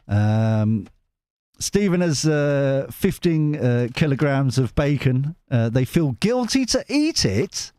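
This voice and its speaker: A man's voice: medium pitch, sing-song, takes it slowly, a little mellow, clear, resonant tone, no room sound. A man hosting a casual tarot live stream, chatty and giggly with lots of restarts.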